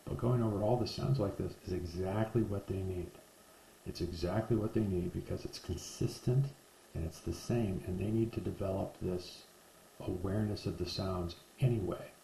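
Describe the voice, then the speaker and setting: A man giving a parenting lesson to camera, slowly drilling speech sounds one by one, recorded with poor sound in an echoey room. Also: sits low, creaky, dark tone, slight background noise. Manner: slow, deliberate, repetitive drilling of speech sounds. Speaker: parenting educator. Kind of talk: instructional talk to camera.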